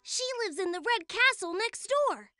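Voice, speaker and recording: A curious little four-year-old boy in a cartoon, his very high voice swooping with childlike eagerness. He talks slowly and brightly, full of questions. Soft children's music plays behind. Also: lively intonation. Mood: cheerful.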